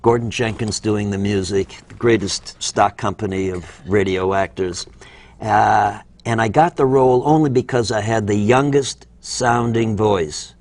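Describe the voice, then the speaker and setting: A man's voice: lowish voice, unhurried. An older man, a former child radio actor, telling anecdotes in an interview and acting out voices as he goes. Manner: animated, acts out voices in anecdotes. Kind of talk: interview storytelling.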